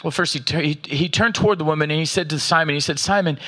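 A man preaching a sermon, reading scripture aloud with slow emphasis and checking in with the congregation. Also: fairly high pitch, pushed and bright. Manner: asks the audience "are you with me", reads scripture aloud with slow emphasis. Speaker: pastor.

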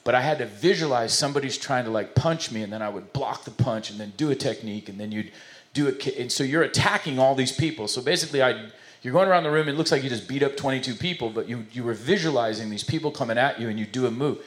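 Brief: a man of middle pitch preaching in a church, loose and conversational. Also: fast. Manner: conversational, rambling, self-correcting. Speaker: pastor. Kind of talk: sermon with jokes. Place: church service before a congregation.

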